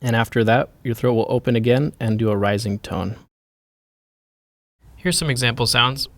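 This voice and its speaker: A man teaching a pronunciation lesson, speaking deliberately and demonstrating each sound with care. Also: medium pitch, a bit bright. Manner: slow, deliberate, modelling sounds. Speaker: language teacher.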